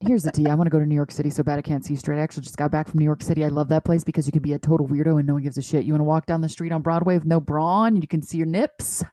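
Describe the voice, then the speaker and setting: A woman in her thirties co-hosting a casual podcast chat, telling self-mocking stories with lively swings of pitch. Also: racing, dry recording. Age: 30s. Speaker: podcast co-host.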